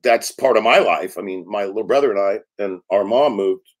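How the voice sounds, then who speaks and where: A man's voice: on the low side, normal speed. Middle-aged man telling stories. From United States. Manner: animated anecdote-telling, acts out quotes. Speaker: film director, guest. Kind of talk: storytelling interview talk.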